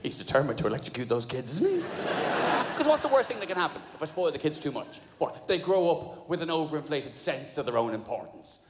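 Animated middle-aged man doing stand-up. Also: on the high side, a little hiss or hum. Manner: fast, animated storytelling with put-on voices. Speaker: stand-up comedian. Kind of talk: stand-up comedy routine. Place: large venue with audience. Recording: echoey hall with audience ambience.

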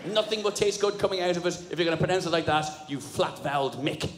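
A man's voice: high voice, fast talker, lightly acted. Man putting on his scornful English wife. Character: disdainful English wife, adult woman, scolding. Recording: echoey live room with audience noise.

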